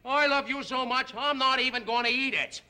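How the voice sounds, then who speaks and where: A man's voice: very high voice, fairly even intonation, normal speed, heavy background noise, pitched above the performer's own voice. A man impersonating a cocky middle-aged gangster with a clipped, snarling delivery.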